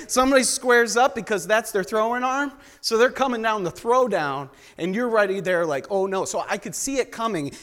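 A young man with a high voice delivers a sermon in a storytelling way, joking with the congregation. His voice rings out with the long reverb of a large church hall. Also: fairly bright tone. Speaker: guest preacher. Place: church sanctuary.

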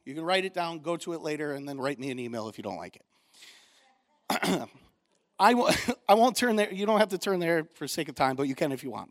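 High-voiced man preaching with rising fervor. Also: brisk. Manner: animated preaching, rising loud on key points, folksy asides. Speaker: pastor. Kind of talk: sermon.

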